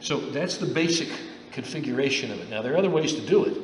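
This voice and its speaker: A man's voice: mid-range voice, expressive, quick pace. A man teaching a judo class on the mat, talking in a loose, repetitive coaching way and checking in with "okay?" after each step. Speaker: judo instructor. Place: gym mat room. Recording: echoey room from far off with faint hiss.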